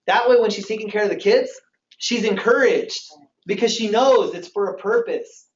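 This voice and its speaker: A man's voice: high-pitched, normal speed. Guy running a pumped-up sales training, keeps asking the crowd stuff, sounds far off and muffled in a big echoey room. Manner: energetic, keeps quizzing the audience. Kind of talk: motivational training talk. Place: training hall with live audience. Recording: roomy, distant, dull hall recording.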